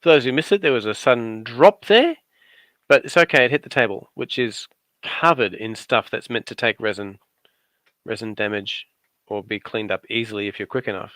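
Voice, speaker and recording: A man's voice: on the low side, normal speed, a bit bright, no room sound. A middle-aged man with an Australian accent giving playful, teasing commentary on a casual craft livestream. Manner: playful, teasing, dry asides.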